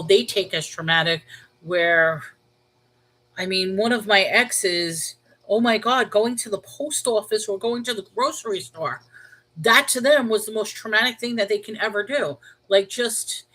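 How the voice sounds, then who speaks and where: A woman with a New York accent, hosting a live stream and talking things through out loud as she answers viewer comments. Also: medium pitch, low-quality recording. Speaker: livestream host. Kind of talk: casual live-chat reply.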